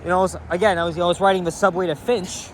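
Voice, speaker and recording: High-voiced man ranting profanely. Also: little pitch movement, racing, a little hiss or hum. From Canada. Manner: angry, profane, rambling rant. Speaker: walking vlogger. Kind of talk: casual ranting walk-and-talk. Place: city street outdoors near traffic.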